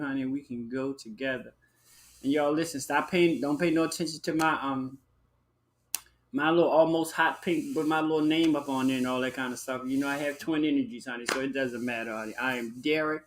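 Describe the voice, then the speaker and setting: A man hosting a live-stream talk show, chatting in a sassy, flamboyant way, calling listeners honey and child and breaking into high whoops. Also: steady tone, brisk, slight background noise. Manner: bursts into high whooping exclamations. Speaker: livestream show host. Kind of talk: casual live-stream chat.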